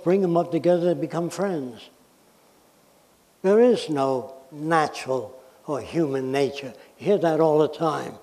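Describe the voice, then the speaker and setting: A man's voice: fairly high pitch, warm tone. An American man giving a blunt, emphatic public lecture, making his points with examples and questions. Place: lecture hall. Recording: reverberant hall.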